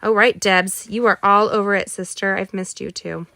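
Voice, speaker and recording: A woman's voice: mid-range voice, steady tone, normal speed, gravelly, pushed and bright. A middle-aged woman hosts a live card-making class in a bubbly, rambling way. She chats to viewers, gasps and exclaims over her supplies, and talks through each step. Under the chatter she sounds a little tired. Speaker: card-making livestream host. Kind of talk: chatty live crafting tutorial.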